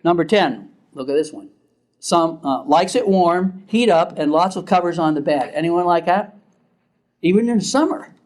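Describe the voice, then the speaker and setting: A man's voice: a little high, animated, moderate pace. An older man, a therapist, lecturing a class in a casual, chatty way, laughing often and asking the audience questions.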